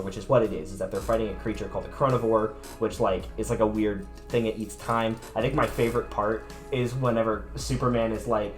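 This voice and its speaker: A man's voice: fairly low pitch, steady tone, a little fast, soft background music. A man co-hosting a casual podcast about comics, talking with enthusiasm and tripping over restarts. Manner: enthusiastic, rambling, stammering restarts. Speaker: podcast co-host.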